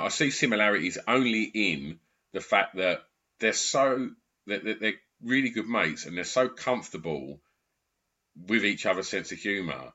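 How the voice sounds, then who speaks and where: Deep-voiced man, earnest and lo-fi. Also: sharp tone. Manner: earnest, leans on fillers. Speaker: podcast guest. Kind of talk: casual chat.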